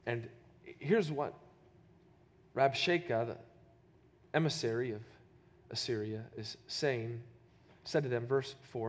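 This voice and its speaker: Pastor preaching a sermon, lots of rhetorical questions, long hall echo. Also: male voice, mid-range voice, takes it slowly, long pauses.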